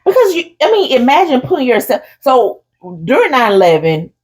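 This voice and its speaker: A husky-voiced woman tells stories in a casual chat, her pitch swinging widely as she acts out what people said. She drops "honey" into her sentences. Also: fairly quick. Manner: animated storyteller, acts out crowd voices, says "honey". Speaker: podcast co-host.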